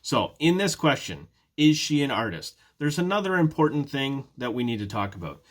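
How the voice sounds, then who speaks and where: A man's voice: medium pitch, very animated, normal speed. A man teaching a prerecorded beginner English lesson, patiently explaining step by step with repeated example sentences and modeling question intonation. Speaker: ESL teacher.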